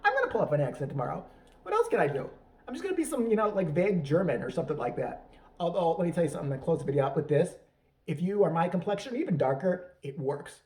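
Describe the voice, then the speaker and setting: A woman's voice: lowish voice, big pitch swings, racing, mellow. A woman hosting a vlog, delivering a brash, profane comedic rant. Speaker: vlog host. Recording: voice picked up from a distance.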